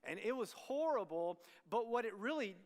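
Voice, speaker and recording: A man's voice: high voice, lively intonation, normal speed. A middle-aged man from Texas, a student ministry pastor, giving a candid youth sermon with many restarts and asides to the crowd. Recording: long hall reverb.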